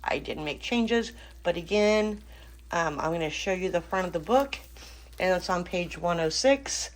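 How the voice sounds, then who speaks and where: A woman's voice: lowish voice, lively intonation, measured pace. Chatty woman hosting a cooking vlog. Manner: chatty, frequent ums, small laughs. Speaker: cooking channel host. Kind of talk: casual cooking vlog chat.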